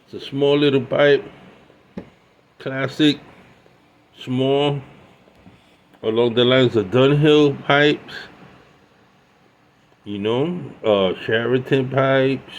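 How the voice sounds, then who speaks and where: The recording is muffled with a little hiss or hum as a mid-range-voiced man in his sixties displays his pipes. It's a rambling, casual show-and-tell full of asides and restarts.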